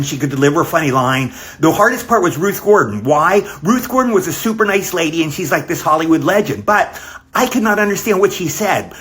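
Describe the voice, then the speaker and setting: A man's voice: fairly high pitch, a bit bright. An older man recording a casual video greeting, telling a rambling, fond story with many fillers. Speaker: actor sending a video greeting. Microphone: self-recorded video.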